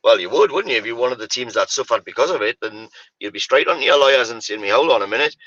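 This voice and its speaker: A man's voice: medium pitch, lively intonation, fast, a bit bright, no echo, dull audio. A man, ranting animatedly about football on a casual podcast, full of "mate" and "you know, like". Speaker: podcast co-host.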